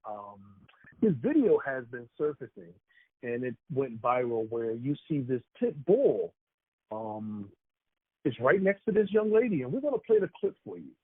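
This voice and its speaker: A man's voice: mid-range voice, normal speed, breathy edge, dry recording. A man hosting a casual talk show, leading the discussion and bringing in his panel. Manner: lively, leads the discussion. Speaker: host. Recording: tinny phone-like line.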